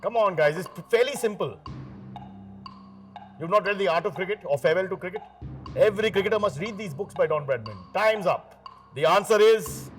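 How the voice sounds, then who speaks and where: A man's voice: high voice, expressive, a little fast, pauses often, soft background music. A man hosting a quiz show, teasing the teams with joking asides between questions. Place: TV studio.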